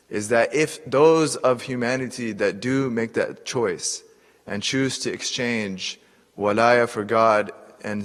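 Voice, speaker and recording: A man teaching Quran exegesis in a lecture, explaining patiently with repeated words and quick Arabic recitations. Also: on the low side, in a large hall. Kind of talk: classroom lecture.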